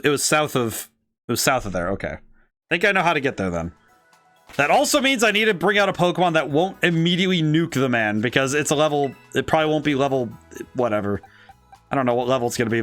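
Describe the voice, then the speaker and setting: A man streaming a video game with a dry, cracking throat, thinking aloud and breaking into excited, disbelieving outbursts. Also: medium pitch, fast talker, faint music behind. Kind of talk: casual let's-play commentary.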